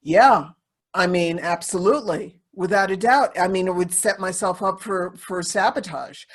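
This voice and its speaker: A woman's voice: lowish voice, normal speed. A woman speaking candidly and confessionally as a podcast guest, circling back and repeating phrases as she talks. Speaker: podcast guest, sensuality teacher. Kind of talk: candid conversational podcast talk.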